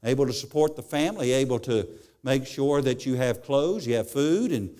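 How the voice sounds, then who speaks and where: A man's voice: medium pitch, moderate pace, dark tone, natural voice. A male preacher voicing a busy father who stumbles as he explains himself to his son. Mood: defensive. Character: tired working father, defensive.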